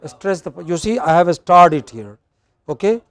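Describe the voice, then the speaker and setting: Teacher drilling a class. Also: male voice, high voice, big pitch swings, measured pace. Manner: drills pronunciation with frequent checking questions. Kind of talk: classroom lecture.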